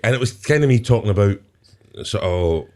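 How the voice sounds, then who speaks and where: A Scottish man with a lowish voice, spinning a rambling, profane comic story as a podcast guest. He laughs at his own asides and keeps checking in with "right?" as he talks. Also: expressive, fairly quick, mellow. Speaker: guest comedian. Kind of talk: casual storytelling.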